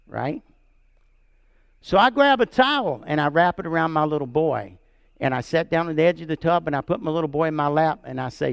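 A middle-aged man preaching a sermon as pastor, telling a family story and checking in with "right?" and "amen?", rising high and loud to stress points and dropping soft for quiet lines. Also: lively intonation, brisk, gravelly, smooth, dry recording, studio quality. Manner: storytelling, repeats words, asks "right?" and "amen?" of the congregation.

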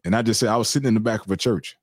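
A man's voice: on the low side, racing, no room sound, clean studio sound. Earnest man telling a story. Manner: animated, earnest storytelling with slang. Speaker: podcast host. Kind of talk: casual storytelling chat.

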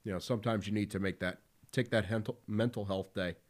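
A man's voice: fairly low pitch, fairly even intonation, fairly quick. A man hosting a podcast in casual talk, blunt and profane, with lots of fillers. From Philadelphia area. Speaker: podcast host.

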